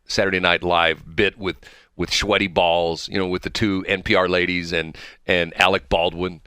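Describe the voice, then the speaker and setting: A man's voice: low voice, little pitch movement, moderate pace, sharp tone, clear, resonant tone, dry recording, clean studio sound. A man co-hosting a talk show, ranting and joking in casual banter and laughing often. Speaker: podcast co-host.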